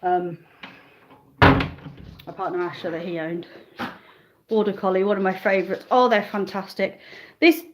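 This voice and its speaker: A woman's voice: mid-range voice, steady tone, a little slow, long pauses, heavy background noise. A woman chatting casually on a live stream from her phone at home, easily sidetracked while she talks to viewers and calls her dogs. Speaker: livestreaming vlogger. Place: living room of a rented house, indoors. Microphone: handheld phone, then a phone stand.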